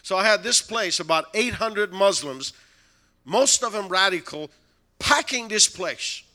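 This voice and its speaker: A man preaching a storytelling sermon, animated, with broken-English phrasing and frequent chuckles. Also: high-pitched, measured pace.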